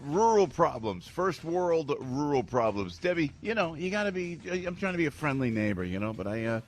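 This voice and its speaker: A man's voice: fairly high pitch, very animated, normal speed, hardly any pauses, slight background noise. A man hosting a radio talk show, chatting in a rambling, jokey way with many restarts.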